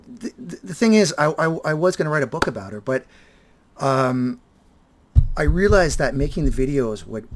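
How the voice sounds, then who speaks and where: A man in his fifties with a husky, slightly breathy voice speaks casually and reflectively to his video audience. He halts often, restarting sentences and repeating words as he gathers his thoughts. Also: on the low side. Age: 50s. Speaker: vlogger and teacher. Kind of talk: reflective casual talk to viewers.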